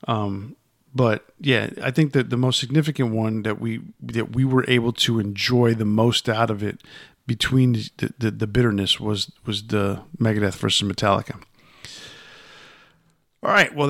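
This podcast co-host has a mid-range, fairly bright voice, captured in clean studio sound without echo. Chatting casually, he rambles and keeps restarting and repeating words, his voice rising with emphasis whenever he makes a point.

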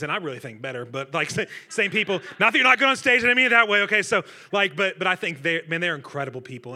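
Guest preacher, man, bright forceful tone, slightly high voice, jokes with the room. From Centralia, Illinois. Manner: energetic, joking, talks with the crowd. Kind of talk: sermon. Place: church stage before a congregation.

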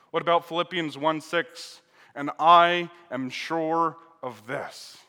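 A man's voice: on the high side, sharp tone, in a large hall. A man preaching a sermon to a live congregation, reading scripture and asking emphatic, dramatic rhetorical questions. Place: church hall with an audience.

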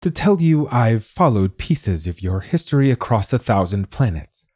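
A man voicing a gentle alien visitor that speaks in a halting, careful way in an audiobook story. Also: mid-range voice, big pitch swings, breathy edge, no room sound, studio quality. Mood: earnest. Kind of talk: audiobook reading.

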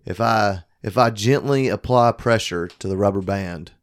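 A man's voice: fairly low pitch, normal speed. A man co-hosting a podcast, crude and joking in casual banter. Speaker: podcast co-host.

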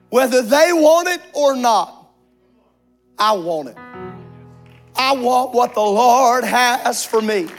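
A man preaching a sermon to a congregation in a church, impassioned and rising to shouts on drawn-out words. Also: very high-pitched, expressive, soft background music. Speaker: pastor.

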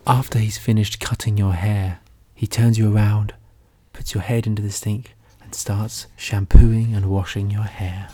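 Husky man in whispered role-play. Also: on the low side, level tone, measured pace, warm tone, no room sound.

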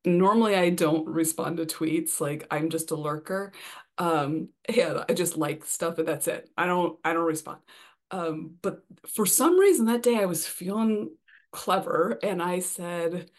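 A young adult woman, a debut romance author, chatting excitedly as a podcast guest, laughing often and filling pauses with "um" and "you know.". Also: on the low side. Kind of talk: casual interview chat.

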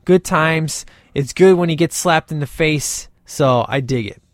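A man's voice: on the high side, unhurried, no echo, studio quality. Rambling man reviewing a movie. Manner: rambling, many fillers like "you know". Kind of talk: casual video commentary.

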